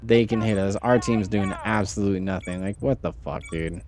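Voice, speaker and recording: A man's voice: on the low side, brisk. A man doing live gameplay commentary, swearing freely and ranting in exasperation at his teammates, with incredulous outbursts. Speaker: streamer.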